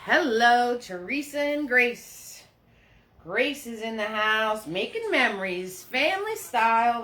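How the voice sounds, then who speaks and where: A woman's voice: fairly high pitch, sing-song, slow pace, bright, forceful tone. A woman hosting a live-streamed painting class, chatty and upbeat as she greets viewers by name, talking into a phone in a holder. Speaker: paint party host.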